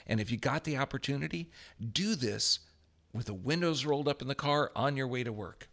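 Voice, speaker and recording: A man giving a motivational health talk, emphatic and energetic, swinging his voice up for affirmations. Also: mid-range voice. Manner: energetic, emphatic, repeats affirmations with rising volume. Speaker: health speaker.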